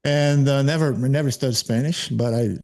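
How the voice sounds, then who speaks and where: A man with a Brazilian Portuguese accent talks as a guest in a relaxed chat. His voice is gravelly and mellow, and he pauses to hunt for the right words. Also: medium pitch. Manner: searching for words, thoughtful. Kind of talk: casual interview chat.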